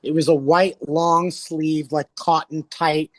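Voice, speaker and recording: High-voiced Canadian man telling wild stories. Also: level tone, takes it slowly, dry recording. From Alberta, Canada. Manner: breathless, theatrical, acts out the voices in his stories. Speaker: guest, drag performer. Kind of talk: animated storytelling.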